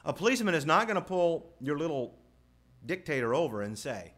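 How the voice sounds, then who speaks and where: A man preaching a sermon in an animated way, asking the crowd rhetorical questions and quoting scripture. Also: fairly high pitch, fairly quick. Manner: animated, rhetorical questions, mimics family scenes. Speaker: pastor.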